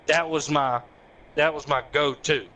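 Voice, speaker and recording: A young man with a slightly high voice, speaking a little slowly, tells friends a profane story in a casual chat. He laughs as he retells it animatedly, quoting people's voices.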